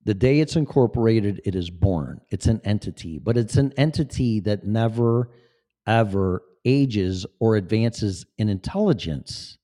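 A man's voice: fairly low pitch, lively intonation, unhurried, dark tone. A man in his late fifties talking in a rambling, profane, emphatic monologue to camera. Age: 50s. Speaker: vlogger.

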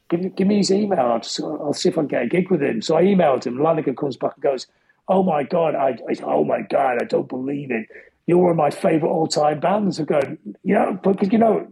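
A man's voice: a little high, creaky, warm tone, husky, poor audio. A middle-aged man telling rambling anecdotes as an interview guest, chatty and full of restarts. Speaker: interview guest, musician and author. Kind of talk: casual storytelling interview.

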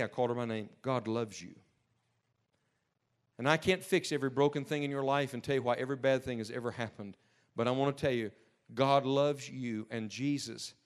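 Preacher guy giving a sermon, kinda high voice, goes quiet then builds up big. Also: smooth. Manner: storytelling, earnest, swings from hushed to emphatic. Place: church service with a live audience.

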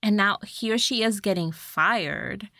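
A woman's voice: medium pitch, slow, gravelly, sharp tone, dry recording, studio quality. A woman co-hosting a podcast, recapping a movie in casual chat, chatty and swearing freely with lots of fillers. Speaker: podcast co-host.

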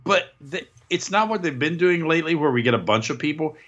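A man's voice: on the high side, lively intonation, brisk, a bit bright, dull audio. A man co-hosting a casual wrestling podcast, joking sarcastically and reading listener emails aloud. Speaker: podcast co-host.

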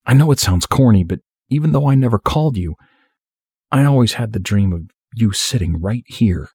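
A hesitant man in his twenties who stammers and dodges, read for an audiobook, in the narrator's own voice. The voice is low and husky, recorded dry and close. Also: animated, normal speed, darkish tone, dry recording, heavily acted. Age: 20s. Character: nervous 27-year-old man, evasive. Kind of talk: audiobook reading.

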